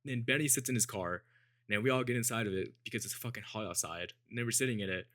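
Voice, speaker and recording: Young man, low voice, storytime vlog, laid-back and profane, dry close sound. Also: fast talker, pushed and bright, no room sound. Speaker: vlogger. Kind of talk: casual storytime.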